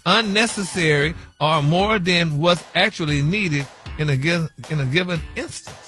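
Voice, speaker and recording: A man's voice: fairly high pitch, moderate pace, sharp tone, soft background music. A man on a comedic morning radio show, flamboyantly presenting a vocabulary word, stumbling and spelling it out letter by letter.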